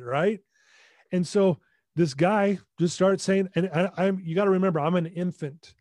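A man telling a personal story as a podcast guest, in an emphatic, animated way. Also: on the high side, moderate pace, no echo, studio quality.

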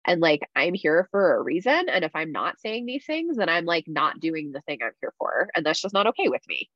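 A woman's voice: fairly low pitch, very animated, brisk, dry recording. A woman talking candidly in casual podcast chat, with lots of "like" fillers. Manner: candid, chatty, many "like" fillers. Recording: slightly dull dry sound.

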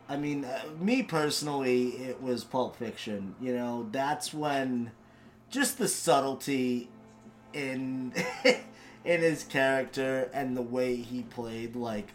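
A man guesting on a podcast in casual chat, enthusiastic and swearing freely as he rambles. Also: mid-range voice.

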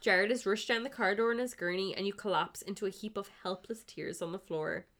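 A woman's voice: mid-range voice, a little fast, a bit bright. A woman podcast host giving a comic reading of fan fiction, narrating the scenes between bursts of laughter. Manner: reads narration, breaks into laughter.

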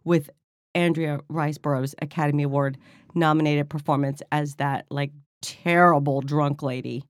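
A woman co-hosting a podcast in casual banter, playful and quick to push back. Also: deep voice, fairly even intonation, no echo, clean studio sound. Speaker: podcast co-host.

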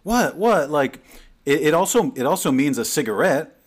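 A man co-hosting a podcast remotely, telling stories in a rambling, animated way with lots of restarts. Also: fairly high pitch, normal speed. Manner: rambling, animated storyteller with frequent restarts and fillers. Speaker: podcast co-host. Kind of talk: casual chat. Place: remote call. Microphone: remote call mic.

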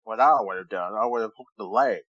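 A man's voice: fairly low pitch, fairly quick, a bit bright, no echo, dull audio. A man co-hosting a wrestling podcast in casual chat, joking and teasing, often stumbling over names. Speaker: podcast co-host.

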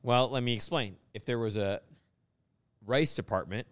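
A man's voice: medium pitch, moderate pace. A man hosting a comedy podcast, riffing and joking provocatively in casual banter. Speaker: podcast host.

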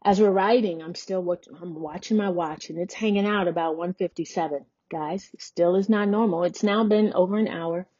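A woman in her forties hosts her own podcast and tells a personal story in a candid, chatty way, slipping into the voices of the people she quotes. Her voice is mellow and a little husky. The recording is dry and somewhat dull, like lo-fi audio. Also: fairly low pitch, moderate pace, hardly any pauses, no echo. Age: 40s. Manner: candid, conversational, acts out quoted dialogue. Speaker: podcast host.

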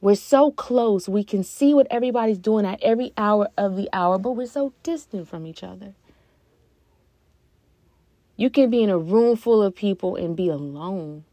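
A woman's voice: medium pitch, normal speed, warm tone, no echo. A young woman hosting a podcast, speaking earnestly and from the heart in a reflective personal talk, with hesitant fillers along the way. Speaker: podcast host.

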